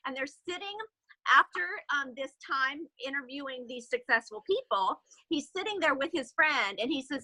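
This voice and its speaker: A woman sales director telling a motivational story in an animated way, with fillers, on a video call. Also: high voice, moderate pace, dry recording, low-quality recording.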